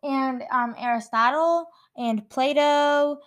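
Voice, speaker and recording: A woman's voice: high-pitched, slow. A woman playing a rambling, silly charity founder in an improvised comedy sketch, dragging out her words.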